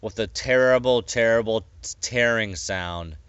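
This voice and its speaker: A man reading his own story aloud in a plain, unhurried way with small stumbles. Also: fairly low pitch, fairly bright tone, smooth, no echo, lo-fi sound. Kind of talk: casual audiobook reading.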